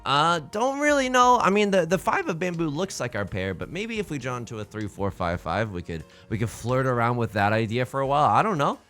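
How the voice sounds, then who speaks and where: A man hosting a let's play, giving excitable, jokey commentary full of exclamations as he plays. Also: medium pitch, a little fast, few pauses. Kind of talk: live gameplay commentary.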